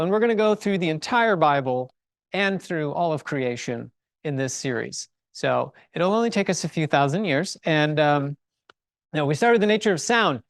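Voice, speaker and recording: A middle-aged speaker giving a casual faith and science talk to a live audience at a university building, enthusiastic, chatty and quick to joke about themselves. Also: mid-range voice, no room sound, clean studio sound. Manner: enthusiastic, chatty, self-deprecating humor. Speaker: chapel speaker and teacher.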